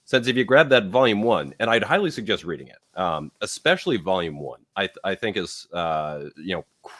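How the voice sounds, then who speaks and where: Deep, dry-voiced man, rambling casual co-host. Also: expressive, a little fast, fairly bright tone, no room sound. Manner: rambling, hesitant with many fillers. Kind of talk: casual podcast chat.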